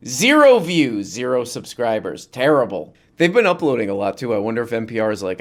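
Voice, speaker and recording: A man's voice: medium pitch, very animated, fairly quick, few pauses. A man hosting a comedic reaction show, sarcastic and exasperated, laughing as he riffs on news clips.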